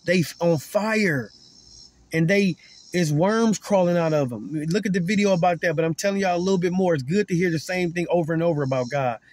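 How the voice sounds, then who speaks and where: His voice is high and darkish, and he talks fairly quickly. Calling himself a prophet, he preaches emphatically at the camera, restarting and repeating important lines to stress them.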